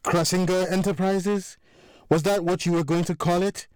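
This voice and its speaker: A man voicing a furious middle-aged crime boss, talking loud and sarcastic as he accuses his crew. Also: a little high, expressive, measured pace, no room sound, clean studio sound, pitched above the performer's own voice. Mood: angry. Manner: angry, raised and sarcastic.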